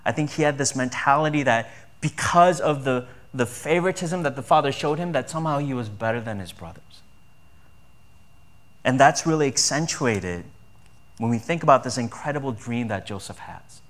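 A man's voice: medium pitch, lively intonation, normal speed, fairly bright tone. A man preaching a sermon in a conversational style, often asking his listeners rhetorical questions. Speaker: pastor.

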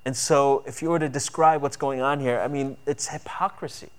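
A man's voice: mid-range voice, fairly even intonation, moderate pace. A man preaching a sermon earnestly, with emphatic build-ups on key points. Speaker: pastor.

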